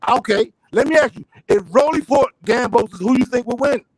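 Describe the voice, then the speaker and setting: Fast, high-voiced man arguing boxing. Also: no room sound, poor audio. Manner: insistent, repeats questions, swears. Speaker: panel debater. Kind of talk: heated boxing debate. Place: online voice call.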